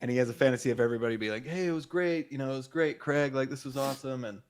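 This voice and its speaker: A man's voice: medium pitch, steady tone, rapid-fire. A man co-hosting a podcast, enthusiastically recapping a film in casual chat, laughing often and agreeing a lot. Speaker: podcast co-host.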